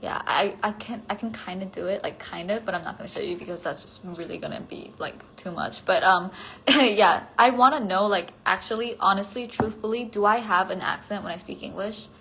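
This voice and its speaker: A woman's voice: mid-range voice, brisk, sharp tone, a little hiss or hum, low-quality recording. A woman chatting casually on a phone livestream, answering fan comments. She is giggly and self-conscious, with lots of "like" fillers.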